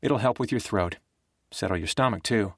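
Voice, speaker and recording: A man voicing a grieving former professor who talks in a gentle, calm and soothing way. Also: lowish voice, moderate pace, dry recording, studio quality, lightly acted.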